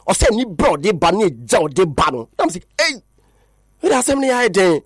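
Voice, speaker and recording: A man's voice: sits high, big pitch swings, moderate pace, dry recording, studio quality. A man with a Ghanaian accent hosting a radio sports show, rambling through lists of player names and switching between languages. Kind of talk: sports talk radio chat.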